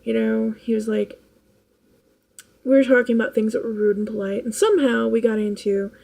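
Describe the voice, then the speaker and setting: A tired woman rambles through a casual vlog chat, laughing often as she goes. Her voice sits a touch high but has a mellow, dark color. It carries a gravelly, husky edge. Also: fairly even intonation, moderate pace, low-quality recording. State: tired late at night. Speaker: vlogger.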